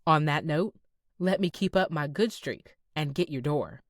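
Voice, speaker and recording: A woman narrator voicing a gentle, charming young southern man with a teasing manner, recorded close in a dry booth. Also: low voice, lively intonation, measured pace, no echo, exaggerated voice.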